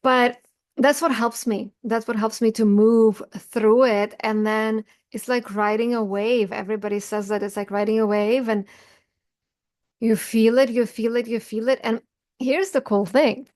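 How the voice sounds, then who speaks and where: A woman's voice: on the high side, steady tone, measured pace. A middle-aged woman coach talking earnestly to camera about feelings, smiling as she speaks, recorded over a video call. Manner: earnest, warm-hearted, smiling while talking about grief. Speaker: self-help coach. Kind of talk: casual talk to camera.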